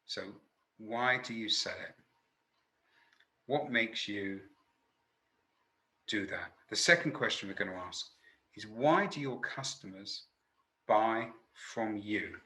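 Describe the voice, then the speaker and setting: A man's voice: lowish voice, slow, pauses often, sharp tone, reverberant, rough recording. A man who works as a sales trainer, hosting a webinar in a chatty, jokey, self-deprecating way. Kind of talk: casual webinar talk.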